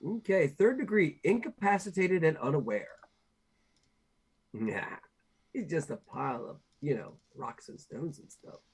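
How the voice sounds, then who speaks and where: A man's voice: on the high side, a little slow, darkish tone, slightly rough. A man playing a tabletop game online, loopy and joking while on cold medicine. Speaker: player.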